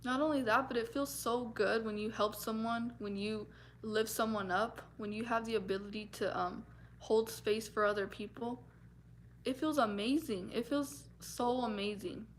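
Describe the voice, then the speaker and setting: A woman's voice: fairly high pitch, steady tone, moderate pace, a little hiss or hum. A woman vlogger talking earnestly and from the heart about her feelings, with many fillers and restarts. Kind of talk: personal talk to camera.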